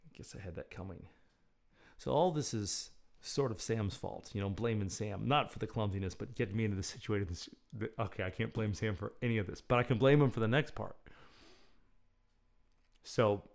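A man's voice: fairly low pitch, a little fast, vocal fry. A man telling a casual, rambling story with self-deprecating humor. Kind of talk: casual anecdote.

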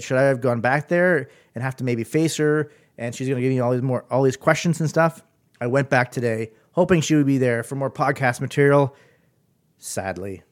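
A man hosting his own podcast in a casual solo monologue, chatty and amused, often trailing off and restarting. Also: medium pitch. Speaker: podcast host.

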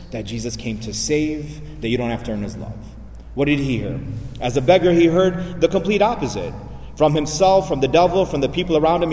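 A man's voice: medium pitch, a little mellow, distant mic, a little hiss or hum. A man, a priest, preaching a sermon, repeating phrases and asking rhetorical questions. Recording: echoey hall, voice from afar.

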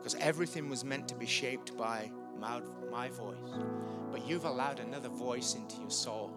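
A man preaching a sermon in a church, earnest, rising loud and high when he speaks to people in the room. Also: moderate pace. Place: church hall. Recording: preached over loud worship music.

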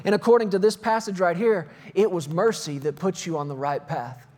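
A young man preaching a sermon, drawing out scripture passages slowly and with weight between casual stories. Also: high voice, darkish tone. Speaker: pastor.

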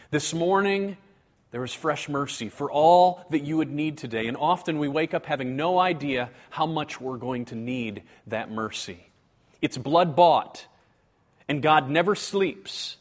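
A man giving a teaching sermon in an earnest way, slowing and dropping low to stress a point.

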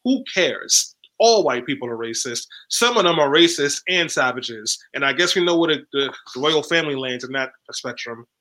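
A man's voice: mid-range voice, lively intonation, normal speed, hardly any pauses, bright, forceful tone, poor audio. A man speaking as a panel guest in a sarcastic, provocative and punchy way. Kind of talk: casual panel discussion.

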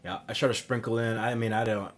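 A man in his thirties hosts a podcast in an easygoing, rambling chat. His voice sits a little low, and he swears casually. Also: flat delivery, quick pace, a little hiss or hum. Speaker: podcast host.

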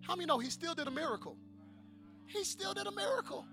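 A male pastor preaching a sermon in a church service, dropping to hushed storytelling and then building to shouted calls for the congregation to answer back. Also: extremely high pitch, lively intonation, fast, over music. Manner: call-and-response with the congregation.

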